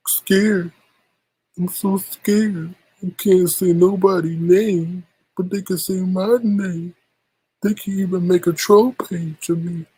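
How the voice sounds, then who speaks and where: A man talks straight to his online audience in a plaintive, half-tearful ramble. His voice sits a little high and sounds husky. The sound is dry and close to the mic. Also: warm tone, no echo, low-quality recording. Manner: plaintive, repetitive, mock-tearful. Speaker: YouTube vlogger. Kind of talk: emotional livestream monologue.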